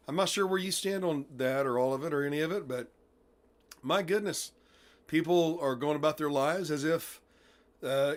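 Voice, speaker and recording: A man hosting a casual interview, talking emphatically and excitably and laughing often. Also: fairly high pitch. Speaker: host.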